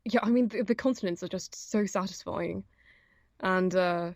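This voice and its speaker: A woman's voice: medium pitch, moderate pace, a little mellow, no echo, studio quality. A young woman, an audiobook narrator, chatting casually as an interview guest, with many fillers and frequent laughs. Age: young adult.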